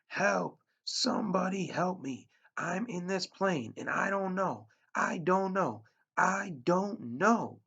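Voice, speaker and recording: Man voicing a panicked teen boy, desperate screaming, high strained voice, lo-fi sound. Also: lively intonation, moderate pace, creaky, darkish tone, breathy edge, exaggerated voice. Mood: screaming for help. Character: panicked teenage boy stranded in a plane.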